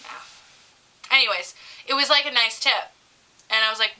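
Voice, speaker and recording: A woman's voice: on the high side, measured pace, sharp tone, low-quality recording. A young woman co-hosting a casual chat, telling giggly, profane stories about serving tables. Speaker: co-host.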